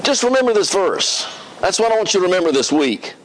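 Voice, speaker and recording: Casting note: male preacher, high and animated delivery, leads the congregation in song. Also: fairly quick, background noise. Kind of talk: sermon with congregational singing.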